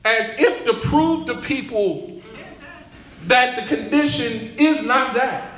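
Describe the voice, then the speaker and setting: A pastor preaching a sermon in a church, building through repeated phrases and calls to the congregation. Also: male voice, extremely high pitch, takes it slowly, a bit bright. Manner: preaching with rising call-and-response. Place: church sanctuary. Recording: echoey church room.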